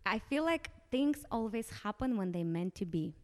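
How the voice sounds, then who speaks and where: A woman's voice: mid-range voice, lively intonation, moderate pace, in a large hall, a crowd in the background. A woman who came to the United States as a podcast guest, talking earnestly and encouragingly at home, often repeating her phrases. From outside the United States. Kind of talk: casual interview chat. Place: home living room.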